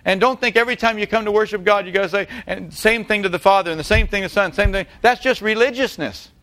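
A man's voice: high voice, fast talker, pushed and bright. A man preaching a sermon, emphatic and repeating key phrases, putting rhetorical questions to his congregation. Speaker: pastor.

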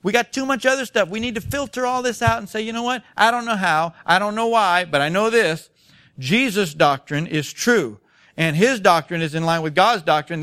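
A male pastor preaching a sermon in church, emphatic and full of rhetorical questions, swinging between loud and soft. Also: high-pitched, no room sound, clean studio sound.

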